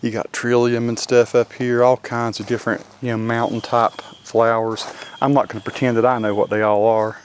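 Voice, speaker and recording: A man with a western North Carolina mountain accent, rambling in a relaxed, folksy way as he walks through the woods. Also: mid-range voice, normal speed, few pauses, a little hiss or hum. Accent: western North Carolina mountain Southern. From Appalachian Highlands, North Carolina. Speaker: vlogger. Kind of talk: casual walking commentary. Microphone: handheld camera mic.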